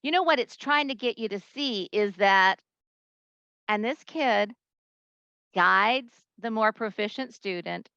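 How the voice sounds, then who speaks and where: A woman presenting a conference talk to teachers, a lively storyteller who acts out the voices she quotes. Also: mid-range voice, takes it slowly, gravelly, smooth, dry recording, muffled recording.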